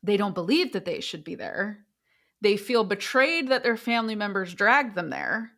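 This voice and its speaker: A woman in her thirties, a therapist and podcast co-host, chatting casually and animated when she tells a story. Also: mid-range voice, moderate pace.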